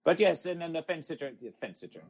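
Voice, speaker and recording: This absurdist comedy podcast host has an animated, slightly rough voice on the high side and a quick pace. He refers to himself in the third person, talks formally with no contractions, and repeats catchphrases chant-like, in a rough phone app recording.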